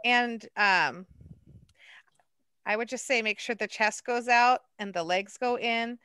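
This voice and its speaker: A woman art docent leading a hands-on clay lesson, chatty and quick to laugh at herself. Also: fairly high pitch, sharp tone, clear, resonant tone, no room sound.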